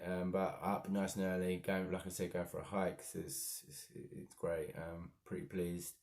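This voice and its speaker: A man talking through his day in a rambling, halting, self-reflective monologue. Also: deep voice, flat delivery, vocal fry, darkish tone. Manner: rambling and halting, with frequent restarts. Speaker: daily vlogger.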